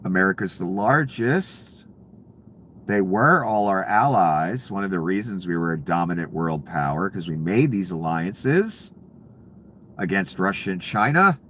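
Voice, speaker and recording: A man's voice: low-pitched, lively intonation, unhurried, fairly bright tone, a little hiss or hum. A man giving sarcastic, profane reaction commentary on news clips. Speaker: political commentator.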